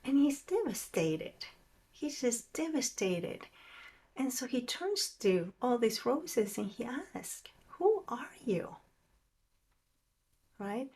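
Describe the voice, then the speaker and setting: A woman teaching a meditation class, who talks in a soft, musing way and often drops to a near whisper. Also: fairly high pitch, big pitch swings, slow pace. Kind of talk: reflective class talk.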